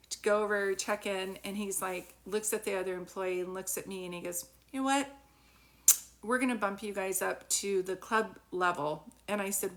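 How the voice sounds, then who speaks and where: A woman's voice: medium pitch, a bit bright. A woman psychic medium telling a personal story on a live stream into a phone, in a chatty manner, breaking off now and then to thank viewers by name.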